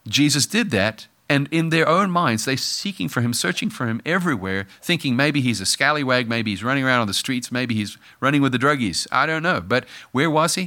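A man's voice: medium pitch, creaky, pushed and bright. A man preaching a sermon in a conversational way, acting out the voices he quotes. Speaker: pastor.

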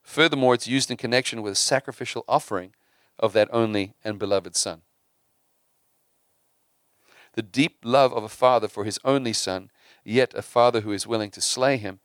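A man preaching a sermon, repeating and restarting words and swinging from hushed to emphatic. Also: fairly low pitch, clean tone, no room sound, studio quality.

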